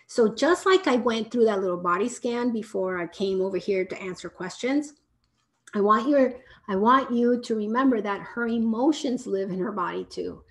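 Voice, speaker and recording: A woman who is a parenting educator, explaining in a live question-and-answer talk and often checking in with "right?", sometimes in a soft, soothing tone. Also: medium pitch, lively intonation, moderate pace.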